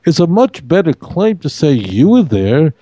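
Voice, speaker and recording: An emphatic man with a somewhat high, mellow voice leads a Torah discussion. He argues forcefully and slips into quoted voices. The sound is close and dry, as in a radio studio. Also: big pitch swings, moderate pace, no room sound, low-quality recording. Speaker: rabbi and co-host. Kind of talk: animated Torah study discussion.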